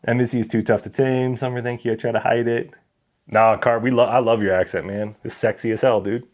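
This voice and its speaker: A man's voice: mid-range voice, steady tone, brisk, a little mellow. A man hosting a casual whiskey livestream, chatting with viewers and reading their comments aloud. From Colorado.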